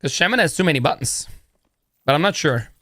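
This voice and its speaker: A young man, talking in a loose, rambling, slangy way with plenty of "bro", pitched somewhat high for a man. His voice is close to the mic and dry, with no room sound. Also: expressive, brisk, bright, forceful tone, no echo. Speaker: streamer. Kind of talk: casual live-stream chat.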